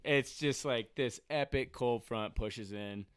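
A man's voice: mid-range voice, takes it slowly, a little hiss or hum. A man on a podcast, teasing his friend and telling a story in casual chat. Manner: teasing, laughs often. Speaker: podcast co-host.

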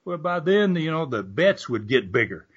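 A man's voice: on the high side, very animated, normal speed, slightly rough. Older man spinning yarns. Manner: rambling anecdotal, frequent fillers and restarts, laughing asides. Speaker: guest, former wrestler and promoter. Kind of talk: storytelling interview. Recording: dull lo-fi audio.

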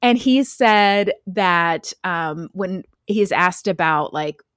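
A woman co-hosting a podcast, telling a story in a lively, chatty way with many fillers. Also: lowish voice, takes it slowly, no echo, studio quality. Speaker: podcast co-host. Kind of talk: casual chat, storytelling.

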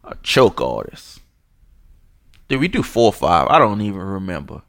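A man's voice: deep voice, sing-song, normal speed, creaky, fairly bright tone, no room sound, studio quality. A young man hosting a sports podcast, delivering a furious, disgusted rant full of swearing and mockery. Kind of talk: angry profane rant.

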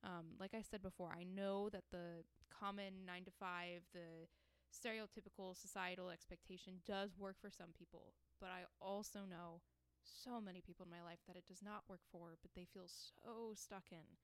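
A woman's voice: fairly low pitch, fairly even intonation, normal speed, clean tone, dry recording. A young woman hosting her own podcast, talking in an earnest, encouraging way and often restarting her sentences. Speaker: podcast host. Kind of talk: casual solo podcast monologue.

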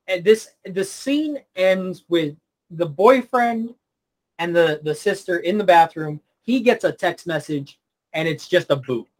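A man reviewing a movie in casual chat, animated and quick to agree and laugh. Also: high voice.

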